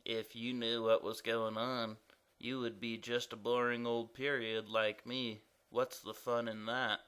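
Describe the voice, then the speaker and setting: A man doing a deadpan, low cartoon period. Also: a little slow, clean tone, close to an everyday voice. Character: dull low-voiced male period who loves dancing.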